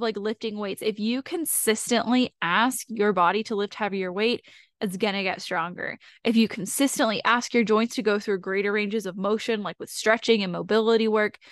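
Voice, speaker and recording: A woman's voice: medium pitch, no echo, clean studio sound. A woman hosting a solo podcast, explaining casually and asking herself rhetorical questions. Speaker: podcast host.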